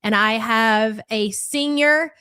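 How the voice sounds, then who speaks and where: A woman's voice: a little high, slow, pushed and bright, clean tone. A middle-aged woman hosting a live stream, chatting casually, greeting viewers by name and swearing freely. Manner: brash, swears freely, rattles off viewer names. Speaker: livestream host. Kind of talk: casual live reaction chat.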